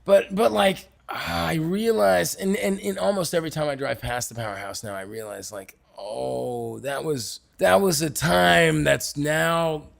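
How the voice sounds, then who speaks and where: Gravelly, animated man telling stories. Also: on the high side, unhurried, hardly any pauses. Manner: animated storyteller, acts out quotes loudly. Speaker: stuntman and actor, podcast guest. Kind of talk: casual bar conversation. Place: bar in Hollywood.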